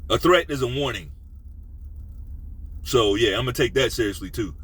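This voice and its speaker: Male sports host, blunt and profane, bright forceful tone. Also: moderate pace, slightly rough, rough recording. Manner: blunt, profane, animated, drops to a low menacing tone. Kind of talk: casual opinion rant.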